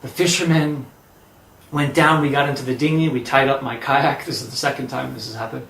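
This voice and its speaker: A man telling a personal story, lively and acting out the dialogue. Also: medium pitch, brisk, gravelly, echoey room, rough recording. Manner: animated, acts out quoted dialogue.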